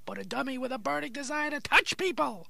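A man's voice: fairly quick, bright, forceful tone, no room sound, full character voice. A man voicing a big-mouthed male wooden ventriloquist's dummy in a comedy podcast routine, whiny and theatrical. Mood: pleading. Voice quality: squeaky, gravelly.

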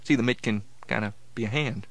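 A man's voice: mid-range voice, a little fast. A man hosting a comedy sketch, playful and mock-helpful as he teases his partner.

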